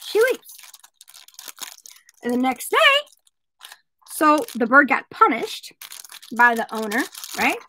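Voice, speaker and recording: Chatty jewelry seller, lively high voice, unhurried, addresses viewers by name, playful. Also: female voice, a little hiss or hum, poor audio. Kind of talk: casual product vlog with joke telling.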